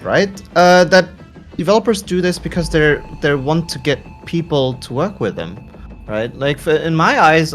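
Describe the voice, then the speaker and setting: Joking male game developer on stream. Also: a little high. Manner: joking, animated, swears casually. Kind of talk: casual stream chat.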